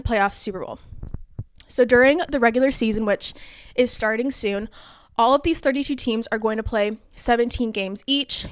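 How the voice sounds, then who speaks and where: A woman's voice: a little high, dry recording. A young woman hosting a podcast, casually explaining a topic in a chatty, self-deprecating way with plenty of fillers. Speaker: podcast host.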